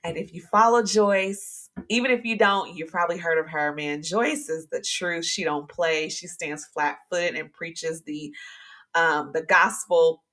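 A woman hosting a casual devotional podcast, chatty and animated, talking straight to her listeners and encouraging them, with sudden high exclamations. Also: measured pace. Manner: talks to listeners directly and warmly encouraging. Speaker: podcast host.

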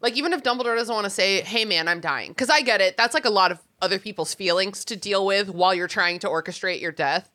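A woman hosting a podcast in casual chat, animated and swearing freely. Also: mid-range voice. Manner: animated, swearing, quick asides. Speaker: podcast host.

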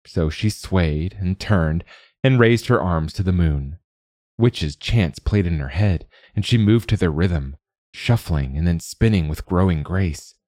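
A man reading a fairy tale aloud in a calm, even storytelling voice. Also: low voice, unhurried, no room sound, clean studio sound. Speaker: narrator. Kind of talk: scripted storybook narration.

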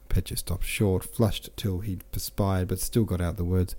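Male audiobook narrator, deep, steady reading. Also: measured pace, few pauses. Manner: steady, with small self-corrections.

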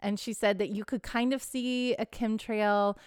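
A woman's voice: medium pitch, fairly even intonation, unhurried, clear, resonant tone, no room sound. A woman co-hosting a podcast, telling a story in casual chat and acting out what her friends said. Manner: chatty storyteller, acts out quoted friends. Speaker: podcast co-host.

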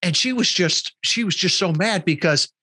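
A middle-aged man, a podcast guest, tells a story in a casual interview, animated and quoting the people in it. His voice is high-pitched and slightly rough, at a moderate pace, with no echo.

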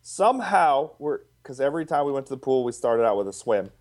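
A man's voice: mid-range voice, very animated, brisk, darkish tone. A young man, a podcast guest, telling a rambling, incredulous story from his training class. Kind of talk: casual podcast chat.

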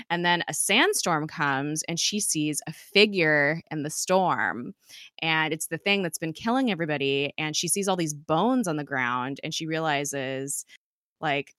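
A woman's voice: deep voice, pushed and bright, dry recording, studio quality. A woman casually retelling a TV episode, chatty and full of "like" and "um", quoting the characters in her own voice. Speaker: episode recapper.

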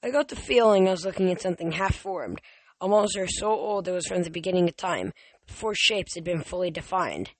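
A man with a high-pitched, animated voice reads a novel aloud for an amateur audiobook, going a little fast. He stumbles often and restarts words. The recording is dry.

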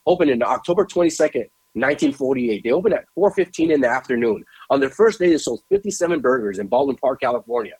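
Husky man telling a story animatedly. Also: mid-range voice, fast talker, few pauses, poor audio. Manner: lively storyteller, emphatic and repetitive. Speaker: podcast co-host.

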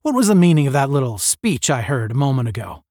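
A man voices a stern space academy captain with a deep voice. He barks short, clipped orders with cold sarcasm, his pitch jumping about. The sound is close and dry. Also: sing-song, quick pace, darkish tone, dry recording. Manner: barking, clipped commands.

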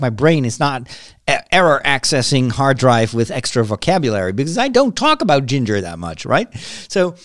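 Brief: Dutch male podcaster, American-tinged English, very lively pitch, dry close sound, rambling and emphatic. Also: dry recording. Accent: American-influenced English. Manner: animated, rambling, with restarts and dramatic emphasis. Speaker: podcast host. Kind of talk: casual solo podcast monologue.

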